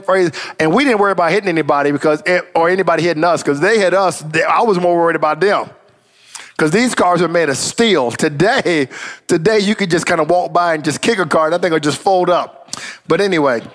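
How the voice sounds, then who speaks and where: A man, a pastor, telling a personal story in a relaxed sermon, with casual asides and frequent "praise God.". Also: a little high. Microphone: live stream.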